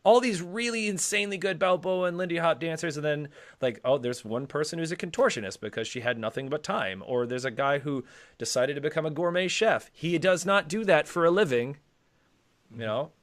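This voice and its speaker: A man co-hosting a casual talk show, animated and rambling, swearing casually. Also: on the high side, fairly quick. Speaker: co-host. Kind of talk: casual podcast chat.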